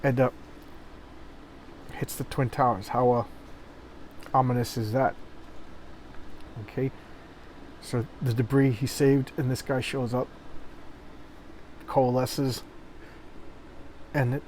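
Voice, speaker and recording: A man of middling pitch talks loosely through a comic, tripping over his words and circling back as he retells each panel. He records in a warm room, and a faint hum of a fan sits underneath. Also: fairly even intonation, slow, long pauses, rough recording. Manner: rambling, repeats words, paraphrases the panels. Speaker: comic book reviewer. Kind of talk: casual comic walkthrough. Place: hot room with a noisy fan. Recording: faint fan noise behind.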